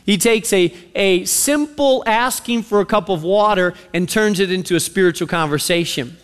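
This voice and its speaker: Man, pastor, sermon, storytelling, high voice, echoing sanctuary. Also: normal speed, clean tone. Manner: animated, storytelling, direct questions to the audience. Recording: long reverb of a large hall.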